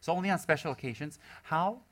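High, bright-voiced male Buddhist teacher. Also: fast talker. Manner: animated, laughing, mimics people in squeaky voices. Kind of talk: humorous teaching talk to students.

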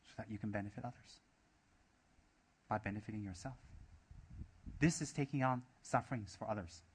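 A man's voice: fairly low pitch, moderate pace, breathy edge. A man giving a Buddhist dharma talk, emphatic and repetitive, asking many rhetorical questions. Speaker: Buddhist teacher.

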